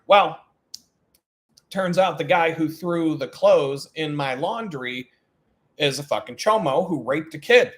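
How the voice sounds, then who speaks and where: A man telling stories on a live stream, animated and profane, breaking into laughs. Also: on the high side. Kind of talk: casual storytelling on a live stream.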